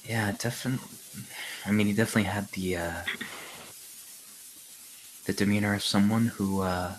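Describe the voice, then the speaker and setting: A man's voice: fairly low pitch, steady tone, normal speed, slight background noise, low-quality recording. A man playing in a tabletop game, casual and hesitant, with many fillers. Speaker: player.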